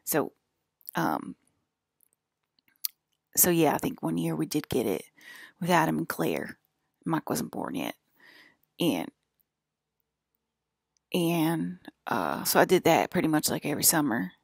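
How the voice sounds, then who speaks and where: A woman's voice: deep voice, sing-song, measured pace, creaky, long pauses, husky, dry recording, studio quality. A woman talking in a casual, rambling monologue, full of "like" fillers and drifting from topic to topic. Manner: offhand, drifts between topics.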